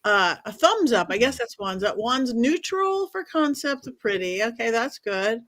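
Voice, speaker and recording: An upbeat woman hosts a relaxed panel discussion and talks straight to the viewers. Her voice sits a little high, and the sound is dry and close with no room around it. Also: normal speed, no echo. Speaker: host. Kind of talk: casual panel chat.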